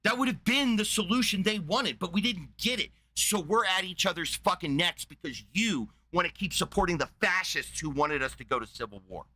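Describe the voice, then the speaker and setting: A man's voice: high voice, animated, normal speed, hardly any pauses, pushed and bright. A man hosting a livestream, angrily ranting at a viewer in his chat with heavy profanity and insults. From United States. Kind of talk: angry livestream rant.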